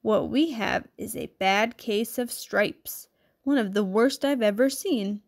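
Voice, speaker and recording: A woman voicing a kind, cheerful old woman healer in a storybook, speaking gently and brightly. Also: a little high, slow pace. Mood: gentle.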